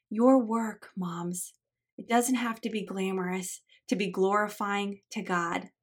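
A woman of middle pitch teaches a Bible study on her podcast, earnest and encouraging. She talks to her listeners like friends, especially moms, and moves from chatty asides into reading passages aloud. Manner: reads scripture and story passages aloud between chatty asides.

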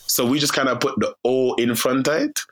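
A man, a filmmaker guest in a relaxed interview, telling stories with lively swings in pitch and many restarts. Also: fairly quick.

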